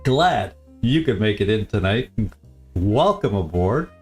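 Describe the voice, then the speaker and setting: A man's voice: on the low side, very animated, slow pace, a little mellow, faint music behind. A man hosting a live game stream, chatting casually and easily, often chuckling and repeating his phrases.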